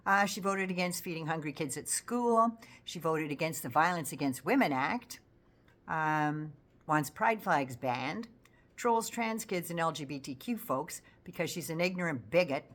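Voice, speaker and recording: An older woman giving blunt, sarcastic political commentary in a casual vlog, swearing freely. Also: deep voice.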